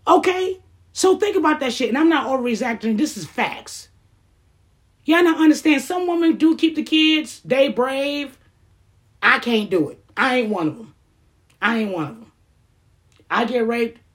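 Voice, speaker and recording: A woman's voice: sits high, lively intonation, normal speed, pauses often. A woman delivering a heated, blunt, profane rant to camera, firing off rhetorical questions. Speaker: vlogger.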